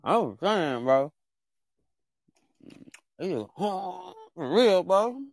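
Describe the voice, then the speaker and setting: Animated, joking man host. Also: sits high, drawn-out words, vocal fry, no room sound, clean studio sound. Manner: animated and joking, with playful trash talk; slangy, talks straight to viewers. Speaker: show host. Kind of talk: casual chat.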